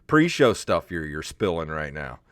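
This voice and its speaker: A man's voice: very deep voice, very animated, moderate pace, clean tone, dry recording, clean studio sound. A man co-hosting a comedy podcast, joking, stammering, laughing often. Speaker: podcast co-host. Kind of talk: casual comedy chat.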